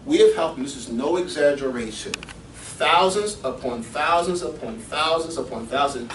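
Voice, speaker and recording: A middle-aged man, a fitness coach, telling personal stories in a seminar talk with animated delivery and frequent chuckles. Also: a little high, slight background noise. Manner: animated storyteller, chuckles often. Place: seminar room. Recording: echoey room from far off.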